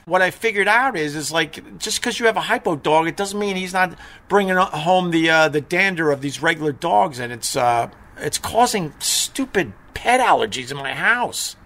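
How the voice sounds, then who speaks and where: A man's voice: fairly high pitch, animated, moderate pace, fairly bright tone. A middle-aged man hosting a live stream, rambling and sarcastic, a bit stuffy from allergies. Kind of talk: casual live stream rant.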